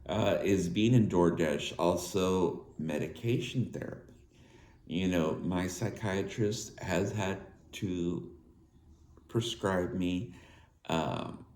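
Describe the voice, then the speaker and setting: A man in his thirties talks slowly to his viewers in a low, mellow voice. He has a slight lisp and a halting way of speaking, often restarting his phrases. The sound is echoey, with faint ambience in the room behind him. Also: a little hiss or hum. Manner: halting, with restarts and filler words. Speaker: vlogger. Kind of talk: personal talk to viewers.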